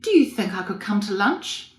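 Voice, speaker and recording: A woman's voice: medium pitch, big pitch swings, moderate pace, faint music behind, voice pushed up, lightly acted. A woman reading an audiobook, voicing a frank, awkward young woman who speaks bluntly. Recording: roomy echo.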